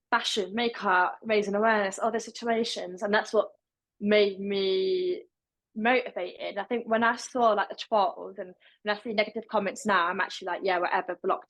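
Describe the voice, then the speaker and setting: A woman's voice: mid-range voice, fairly bright tone, poor audio. A young woman with a deaf accent, speaking as a podcast guest in casual interview talk, with a fairly level delivery and some words pronounced differently.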